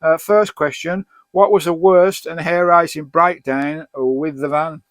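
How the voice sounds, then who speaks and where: A man's voice: fairly high pitch, fairly even intonation, unhurried, a bit bright, dry recording. A middle-aged man from Birmingham with an English accent, answering viewer questions in a chatty, rambling and jokey way. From Birmingham, England. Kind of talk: casual chat.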